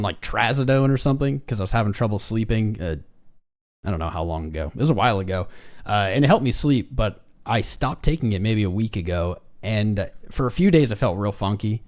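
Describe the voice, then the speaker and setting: A man with a fairly low voice hosts a live crypto trading stream. He talks in a loose, chatty way and greets viewers by name between chart reads. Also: a little mellow. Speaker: crypto trading livestream host. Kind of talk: casual live-stream chat.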